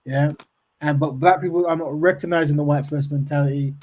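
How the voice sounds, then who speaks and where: Higher-voiced man in casual discussion. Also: fairly even intonation, fairly quick, a little mellow, slight background noise. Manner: repeats words when starting, affirms with "of course".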